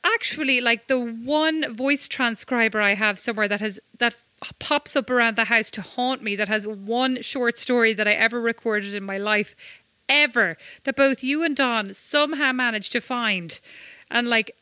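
A woman's voice: a little high, moderate pace, sharp tone, no room sound. A woman from Ireland co-hosting a podcast, telling chatty, self-mocking stories in casual conversation. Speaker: podcast co-host. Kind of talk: casual chat.

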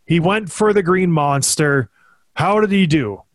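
A man's voice: fairly high pitch, animated, measured pace, no echo. A man hosting a casual podcast, a former hockey player who talks in a joking, self-deprecating way.

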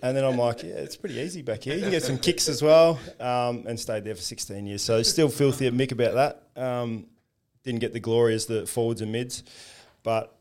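A man's voice: medium pitch, fairly even intonation, brisk, hardly any pauses, darkish tone. A man with an Australian accent in casual chat, easygoing and chuckling as he recalls his playing career. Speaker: former professional footballer.

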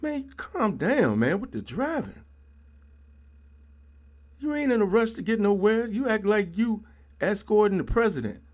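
Brief: middle-aged man with a slightly high voice, blunt and preachy solo podcast rant. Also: big pitch swings, a little slow, pauses often, a little mellow. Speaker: podcast host. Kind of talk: ranting solo podcast monologue.

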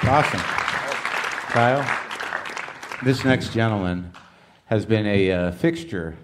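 A man in the middle of his range hosts on stage, answering his guest with short encouraging replies and then turning to emcee the next act. An audience rustles around him and clear noise runs under the live mic. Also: lowish voice, slow pace, a crowd in the background. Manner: supportive, short affirmations, then emcee introductions. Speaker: host. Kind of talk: live podcast interview and emcee.

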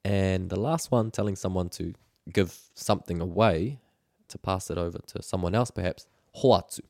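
A man talks through a language lesson in a casual, patient way, often pausing on fillers and repeating himself as he explains. His voice sits very low. The recording is close and dry, with no room sound. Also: vocal fry, a little mellow, dry recording. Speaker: language teacher.

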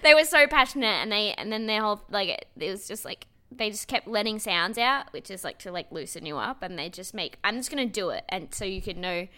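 A woman's voice: mid-range voice, a little fast, hardly any pauses. A young Australian woman co-hosting a podcast over a video call, telling rambling stories and acting out the people in them. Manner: animated, rambling storyteller who acts out quotes. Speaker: podcast co-host. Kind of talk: casual chat.

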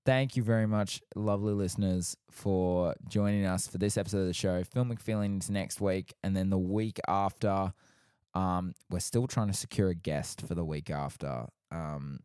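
Deep-voiced young man hosting a podcast. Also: steady tone, normal speed, dark tone, smooth, dry recording, clean studio sound. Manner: wry, teasing, wrapping up. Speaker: podcast co-host. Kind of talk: casual podcast chat.

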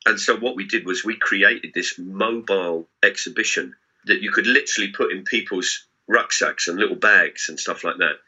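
A man's voice: low voice, husky. A middle-aged man, telling comic anecdotes as a guest and swearing freely. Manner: animated, swearing storyteller. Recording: dull lo-fi sound.

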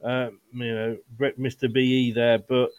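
A man's voice: mid-range voice, flat delivery, unhurried, clean tone, highs cut off. A man co-hosting a football podcast, chatting casually with lots of restarts and fillers. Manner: rambling with frequent restarts and fillers. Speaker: podcast co-host.

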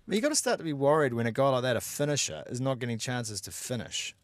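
A man with a New Zealand accent, co-hosting a casual rugby podcast and giving animated, opinionated analysis. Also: mid-range voice, fast talker, dry recording. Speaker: podcast co-host.

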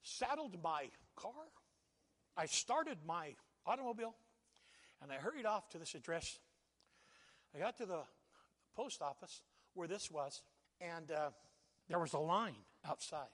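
High-voiced preacher in a reverberant hall. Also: male voice, animated, a little slow, long pauses. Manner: preaching with big swells in loudness, then quiet asides. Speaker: pastor. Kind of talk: sermon. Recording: long reverb of a church hall.

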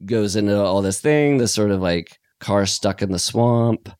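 Lively low-voiced man chatting on a podcast. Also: unhurried, smooth, no echo, clean studio sound. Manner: animated, laughing, acting out lines in put-on voices. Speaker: podcast co-host. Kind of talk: casual chat.

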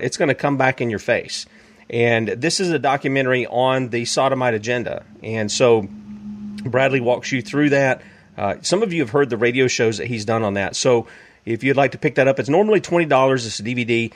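A man's voice: mid-range voice, brisk. A man with a Southern US accent hosting a talk show, speaking in a folksy, conversational way and plugging a product. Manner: folksy, conversational, frequent fillers. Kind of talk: casual radio-style commentary with product plug.

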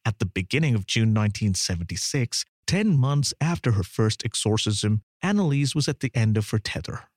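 Man narrating a dark true story, pitch all over the place, super dry close sound. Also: lively intonation, moderate pace, no echo. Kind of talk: dramatic documentary narration.

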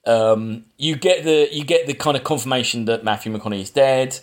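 A man's voice: medium pitch, brisk. A man, a podcast host casually recapping a film plot, rambling with fillers and restarts. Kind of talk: casual film review chat.

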